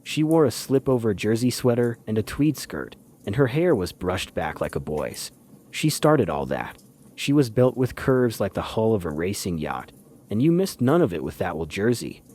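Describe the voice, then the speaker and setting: Low-voiced male audiobook narrator. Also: big pitch swings, a little mellow, slight background noise. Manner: measured, dry first-person storytelling. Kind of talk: scripted literary narration.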